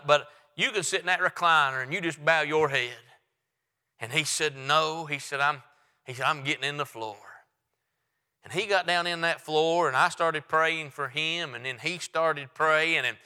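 A man's voice: mid-range voice, bright, forceful tone, clear, resonant tone, big-room sound. A man preaching a sermon as a pastor, telling a story and then building to emphatic appeals.

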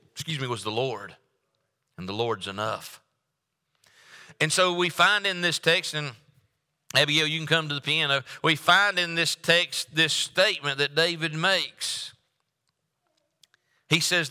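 Bright-voiced preacher in a reverberant church. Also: male voice, medium pitch, clean tone. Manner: preaching with rising fervor and repetition. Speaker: pastor. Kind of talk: sermon. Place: church sanctuary. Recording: long hall reverb.

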